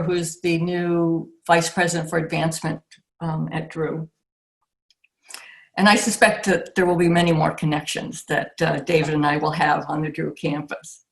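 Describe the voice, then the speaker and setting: An older woman giving a reflective acceptance speech over a video call, pausing often and restarting her sentences. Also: on the low side. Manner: warm, reflective, with frequent pauses and restarts. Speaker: award recipient.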